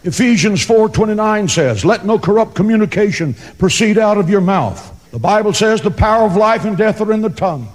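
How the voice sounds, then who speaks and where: A pastor giving an emphatic, dramatic sermon to a congregation, mixing scripture with joking asides. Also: male voice, sits high, lively intonation, brisk, hardly any pauses. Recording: long reverb of a large hall.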